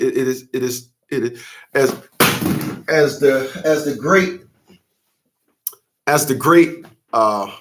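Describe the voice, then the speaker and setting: This is a man delivering a casual, heated rant straight to his audience. He is blunt and profane and keeps jumping into other people's lines in a raised, mocking voice. His pitch sits in the middle range for a man. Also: a bit bright. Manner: heated, profane, acts out court dialogue in a raised voice. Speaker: father's rights channel host. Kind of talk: casual commentary monologue.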